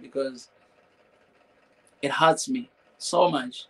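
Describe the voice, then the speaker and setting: On a live stream, a man with a fairly high voice speaks emotionally, sometimes preaching, repeating phrases and tossing rhetorical questions at viewers. His tone stays steady and unhurried with frequent pauses, and the audio quality is poor.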